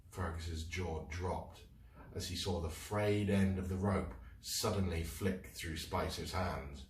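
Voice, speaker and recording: A man reading a children's book aloud in an expressive storytelling voice. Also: low voice, slight background noise. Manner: expressive, slow read-aloud. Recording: roomy room, mic at a distance.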